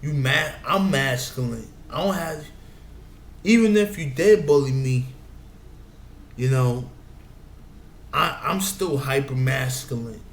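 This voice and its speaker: A man delivers advice in a meandering, casual monologue, often saying "you know what I'm saying." His voice is medium-pitched and slow, with long pauses. The room is echoey with faint background noise.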